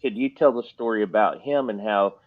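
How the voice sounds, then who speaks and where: A man's voice: on the low side, a little fast. A man hosting an interview, asking questions and agreeing with short replies. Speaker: host, interviewer. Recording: dull lo-fi audio.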